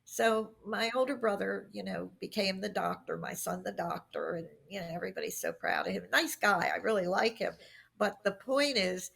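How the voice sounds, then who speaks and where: A middle-aged woman speaks as a podcast interview guest, spinning anecdotes and acting out what people said. Her voice has a gravelly, creaky edge, and her pitch sits in an ordinary middle range. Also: moderate pace. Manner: animated anecdotes with acted-out quotes. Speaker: guest expert on workplace communication.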